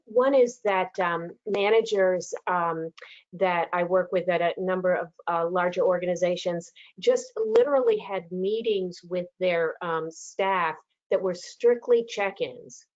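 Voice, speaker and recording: A woman's voice: on the low side, unhurried. A woman panelist in a casual webinar discussion, chatty, with frequent fillers and laughter, heard over a video call. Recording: dull lo-fi call audio.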